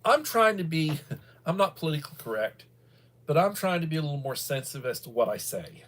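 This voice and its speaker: A man's voice: a little high, animated, quick pace. A middle-aged American man hosting a livestream, talking in a meandering, casual way with many fillers and restarts. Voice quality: bald. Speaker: livestream host. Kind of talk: casual rambling commentary.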